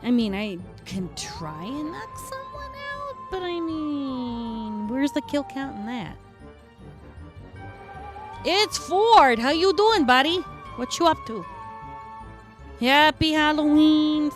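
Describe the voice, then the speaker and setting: A brash, foul-mouthed redcap fae, played by a woman, rambles in a tough New York-ish street drawl. The voice sits fairly high, and soft music plays faintly behind it. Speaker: streamer in character. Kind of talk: in-character chat on a live stream.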